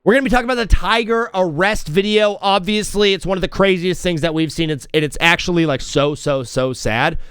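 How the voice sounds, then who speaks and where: A young man hosting a casual sports talk show, joking and shifting quickly between loud outbursts and mumbled asides. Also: high-pitched, clean tone, dry recording, studio quality. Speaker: host.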